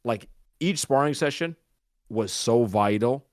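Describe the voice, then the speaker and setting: A man talking casually as a boxing coach and co-host, loose and energetic, with lots of fillers. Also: medium pitch, measured pace, dry recording. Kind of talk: casual podcast chat.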